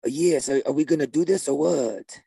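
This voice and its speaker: A man playing a spaced-out, deadpan male shaman guitarist who drawls mystical non sequiturs in a gravelly, husky voice. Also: fairly high pitch, normal speed, no echo.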